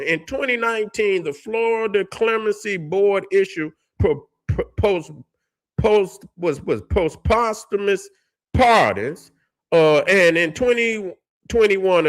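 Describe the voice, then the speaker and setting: A man hosting a commentary vlog. He rants heatedly and swears a lot, stumbles over words, and reads case histories aloud between outbursts. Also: high-pitched. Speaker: commentary channel host.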